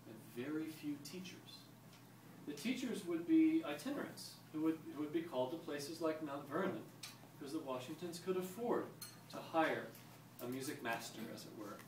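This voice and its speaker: A man giving a live talk and demonstration to a group of visitors, explaining in a chatty way and quizzing the audience. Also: on the high side. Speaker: historical music presenter. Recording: roomy, distant mic, ambient noise.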